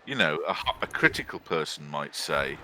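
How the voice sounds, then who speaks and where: A man's voice: a bass voice, sing-song, moderate pace, a crowd in the background. A man co-commentating a video game in a chatty, teasing way.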